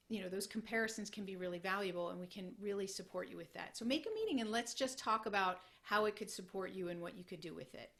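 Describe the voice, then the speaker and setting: A woman's voice: mid-range voice, a bit bright. A woman productivity consultant presenting a webinar in an upbeat, encouraging way.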